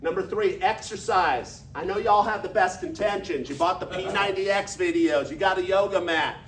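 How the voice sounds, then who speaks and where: A man in his fifties giving an energetic, folksy motivational talk to a business audience, leading them in call-and-response. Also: sits high, moderate pace, a little hiss or hum. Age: 50s. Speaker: business speaker. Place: large echoey meeting room. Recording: echoey room recorded from far off.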